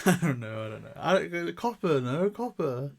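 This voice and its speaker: A man from the UK co-hosting a review podcast in casual chat, animated and jokey, often stumbling over his words. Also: on the high side, moderate pace, vocal fry.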